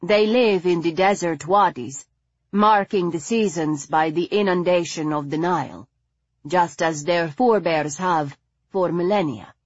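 Woman voicing a refined gentle aristocratic lady. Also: on the low side, dry recording, muffled recording. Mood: measured. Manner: measured, gently chiding.

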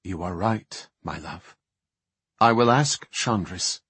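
A man voicing a composed elf priestess woman who speaks in a measured, grave way in an audiobook. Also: low-pitched, fairly bright tone, breathy edge, dry recording, full character voice. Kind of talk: audiobook character voice.

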